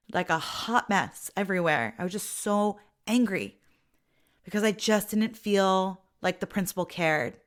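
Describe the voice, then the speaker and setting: A woman's voice: medium pitch, measured pace. A middle-aged woman hosting her own podcast, talking casually and expressively about her life as a mother. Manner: chatty and expressive, with frequent "like" and an occasional laugh. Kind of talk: casual personal monologue.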